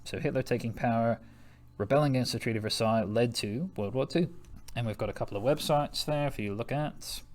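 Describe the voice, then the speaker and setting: Casting: young American man, history teacher, casual and jokey, mid-pitched, laughs a lot. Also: fast. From United States. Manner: jokey, chatty, laughs often, slangy asides. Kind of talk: recorded classroom lesson.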